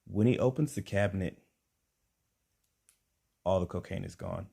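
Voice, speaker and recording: A young man telling a stand-up comedy story, animated, acting out the people in it. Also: deep voice, a little slow, creaky, husky. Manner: animated, acts out quotes with rising emphasis.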